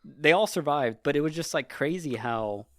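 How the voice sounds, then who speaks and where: A man's voice: a little high, expressive, normal speed, no room sound, studio quality. A man chatting casually as a podcast host, retelling a story in a loose, rambling way with lots of swearing and filler. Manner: rambling, profane, heavy use of "like". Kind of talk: casual chat.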